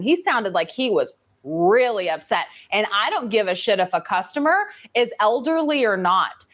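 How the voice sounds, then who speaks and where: A woman's voice: a little high, fairly bright tone. A woman giving casual reaction commentary, blunt and opinionated, swearing freely.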